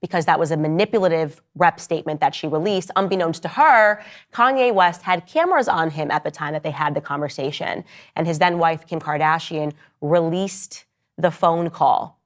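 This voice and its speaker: Woman podcast host, lower register, argumentative commentator who talks straight to the audience. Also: normal speed. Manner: argumentative, addresses listeners directly. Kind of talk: opinionated commentary.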